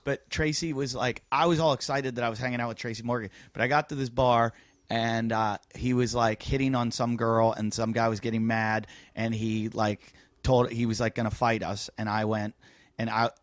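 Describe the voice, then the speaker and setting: A man's voice: medium pitch, little pitch movement, normal speed, dry recording. A man, a comedian guest on a podcast, telling stories in rambling casual chat full of fillers. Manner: rambling storyteller with many fillers.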